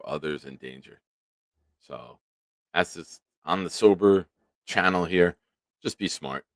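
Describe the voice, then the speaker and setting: A man with a low-pitched voice hosts a casual sports livestream. His sound is dry and close to the mic, and his talk is loose, profane, and quick to laugh. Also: dry recording. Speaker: livestream sports show host. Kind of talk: casual live-stream chat, reading viewer comments.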